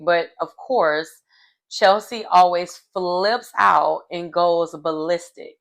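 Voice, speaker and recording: A woman's voice: on the low side, steady tone, slow pace, creaky. A woman recapping a reality show episode in a casual, gossipy, emphatic way, her voice jumping up when something shocks her.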